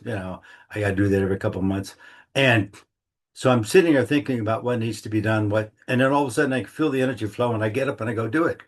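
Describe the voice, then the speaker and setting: A man's voice: fairly low pitch, fast talker. A middle-aged man giving a casual, rambling monthly talk, acting out little inner dialogues in a folksy way. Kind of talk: casual reflective monologue.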